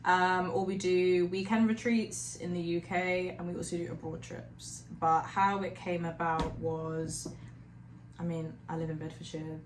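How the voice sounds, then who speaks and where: Woman, podcast guest, lowish voice, chatty, roomy sound. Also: flat delivery, measured pace. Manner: bubbly, laughs easily, chatty. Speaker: guest, hiking group founder. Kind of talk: casual podcast chat. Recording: roomy, faint background noise.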